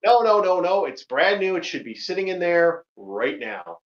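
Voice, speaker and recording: Man, host, casual voice-call chat, joking, swears, slightly high voice. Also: big pitch swings, moderate pace, lo-fi sound.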